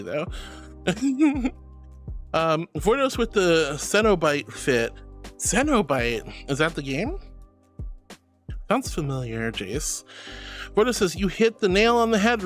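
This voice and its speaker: A woman streaming live reads her chat aloud, with a voice that swoops up and down animatedly. She is affectionate and laughs often, calling everyone darling and sweetie, with soft music playing quietly behind her. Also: lowish voice, very animated, a little slow, pauses often. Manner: affectionate, calls viewers darling and honey.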